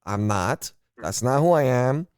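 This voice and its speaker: Male podcast host from Miami, mid-pitched, unfiltered and profane, smooth resonant tone, dry sound. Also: lively intonation, measured pace, darkish tone, dry recording. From Miami, United States. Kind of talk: casual political podcast talk.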